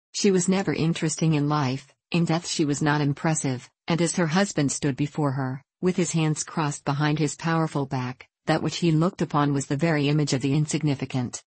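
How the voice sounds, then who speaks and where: Low, husky woman narrating a classic novel. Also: dry recording. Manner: measured, even storytelling. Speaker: audiobook narrator.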